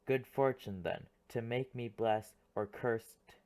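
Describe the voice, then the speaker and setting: A man's voice: mid-range voice, slow pace, a little mellow, natural voice. A man voicing a proud, boastful prince suitor, declaiming verse in an audiobook play reading.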